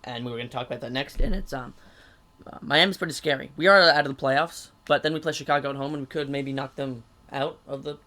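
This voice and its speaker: A man's voice: mid-range voice, fast talker, bright, forceful tone. A man co-hosting a casual sports podcast, talking in an eager, rambling way about a match. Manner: eager, rambling fan talk. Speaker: podcast co-host.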